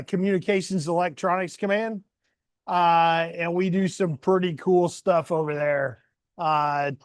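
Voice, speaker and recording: High-voiced Southern man talking to kids. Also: clear, resonant tone, no echo, clean studio sound. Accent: Southern US country. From Southern United States. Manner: friendly, folksy, with many fillers. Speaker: guest reader at a children's library event. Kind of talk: casual talk to a crowd of children.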